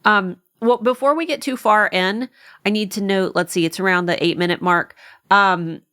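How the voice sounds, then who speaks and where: A woman hosting a podcast, talking casually in an animated, rambling way with frequent laughs. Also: mid-range voice, moderate pace, clear, resonant tone. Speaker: podcast host. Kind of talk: casual chat.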